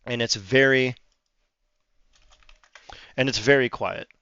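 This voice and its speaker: A man's voice: mid-range voice, takes it slowly, pushed and bright, smooth, dry recording, highs cut off. A man running a tabletop game as game master, describing scenes and joking with his players. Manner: joking, laughs often while describing scenes.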